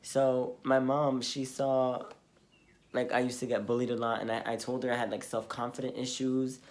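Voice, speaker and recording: A man's voice: mid-range voice, little pitch movement, moderate pace, darkish tone. Young man, casual vlog storytelling, earnest, rambling, lots of fillers, mid-range voice. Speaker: vlogger.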